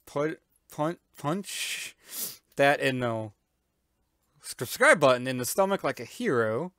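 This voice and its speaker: A gaming YouTuber doing let's-play commentary, loud and excitable, with playful yelps, silly noises and sound effects. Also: medium pitch, takes it slowly, no echo, clean studio sound.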